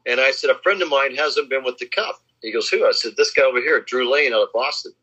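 Husky man, dull lo-fi sound. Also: mid-range voice, fast, bright, forceful tone. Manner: boastful name-dropping anecdotes, acts out quotes. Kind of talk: casual storytelling chat.

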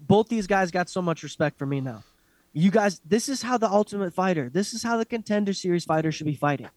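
Profane, ranting man, higher voice. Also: a little fast, no echo. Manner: blunt, profane, animated ranting. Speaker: podcast co-host. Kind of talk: casual fight recap chat.

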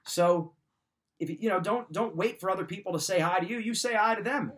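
A man's voice: sits high, brisk, fairly bright tone. Emphatic man giving motivational advice. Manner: emphatic, repeats points, direct advice. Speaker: podcast host. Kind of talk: motivational talk.

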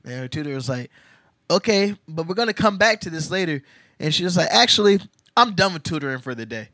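A young man co-hosting a podcast, telling a story in casual chat and acting out the quotes loudly. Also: a little high, sing-song, fairly quick, no room sound, studio quality. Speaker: podcast co-host.

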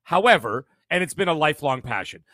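A man's voice: on the high side, dry recording, studio quality. A man in his fifties with a Canadian accent, telling stories energetically as a podcast guest. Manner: fast, energetic storytelling with frequent restarts. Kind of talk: casual interview chat.

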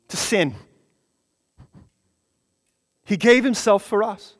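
A man's voice: sits high, animated, takes it slowly. A man preaching a sermon, emphatic, repeating phrases for stress and building to passionate peaks. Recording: long hall reverb.

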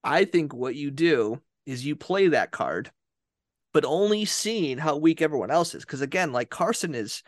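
A man's voice: on the high side, lively intonation, moderate pace, no echo, clean studio sound. A man co-hosting a podcast in casual chat, laughing often and acting out what others might say. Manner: chatty, laughs often, acts out quotes. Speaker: podcast co-host.

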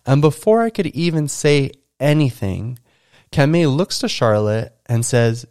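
Man, middle pitch, casual storyteller, loose conversational delivery, dry close sound. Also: lively intonation, unhurried, darkish tone, clear, resonant tone, dry recording. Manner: casual and conversational, many fillers. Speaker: podcast host and school coach. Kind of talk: storytelling podcast.

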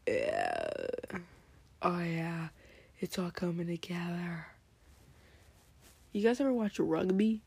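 A teenage girl talks to her viewers in a late-night solo vlog, jumping between topics with giggles and gushing outbursts. Her voice is soft-toned and mellow, with a husky, airy edge. She often slips into whispered asides mid-sentence. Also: fairly low pitch, wildly swooping pitch, takes it slowly, long pauses, no room sound. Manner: scattered, drifts into whispered asides; breathless exclamations and giggles. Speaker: vlogger. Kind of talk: late-night rambling monologue.

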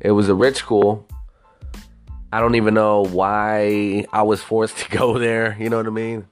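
A man's voice: fairly low pitch, a little slow, faint music behind. A young man hosting a podcast, ranting casually with lots of swearing and rambling asides. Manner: profane, rambling, animated. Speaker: podcast host. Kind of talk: casual solo podcast rant.

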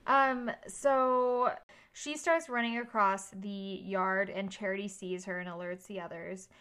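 A woman's voice: mid-range voice, steady tone, unhurried, fairly bright tone, smooth. Podcast co-host, woman, loose rambling recap, lots of fillers, salty language. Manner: rambling recap, heavy on "like" and "um", swears freely. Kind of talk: casual movie recap chat.

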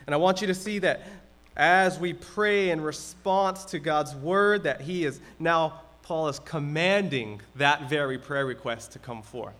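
Male pastor, higher-pitched voice, conversational sermon delivery. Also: unhurried, fairly bright tone. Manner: conversational preaching, acts out everyday complaints.

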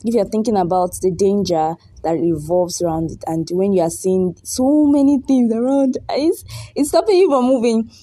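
A woman's voice: medium pitch, normal speed, warm tone, no echo. A young woman hosting a radio breakfast show, bubbly and chatty, repeating words for emphasis. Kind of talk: energetic radio talk.

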